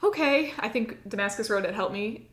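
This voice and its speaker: With a medium-pitched, slightly bright voice at normal speed, a US woman shares a personal story on a podcast. She's chatty and full of "like," acting out her own past lines, and the room has an echo.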